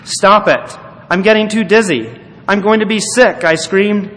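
男性が演じる悲鳴を上げる話すティーカップ. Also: male voice, animated, slow, fairly bright tone, exaggerated voice. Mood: pleading cries. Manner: cries out in high, pleading bursts. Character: suffering talking teacup, pleading and frightened. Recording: echoey hall, faint noise.

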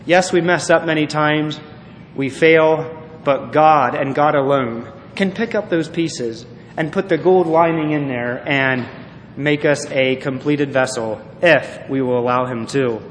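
男性牧師の響く説教. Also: male voice, a little high, measured pace. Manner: earnest, reads a story aloud with feeling. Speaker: pastor. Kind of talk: sermon. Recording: echoey hall, faint noise.

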